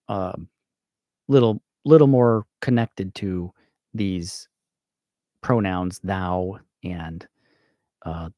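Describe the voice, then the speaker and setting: American guy slowly thinking out loud about grammar, lowish voice, dry close sound. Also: dry recording. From United States. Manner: slow and thinking aloud, with fillers and self-corrections. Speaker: channel host. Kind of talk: casual grammar explainer livestream.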